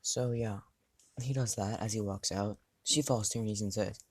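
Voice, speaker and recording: A man's voice: on the low side, fairly even intonation, normal speed, no echo. Hesitant man improvising a fan story. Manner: hesitant, thinking aloud, frequent restarts.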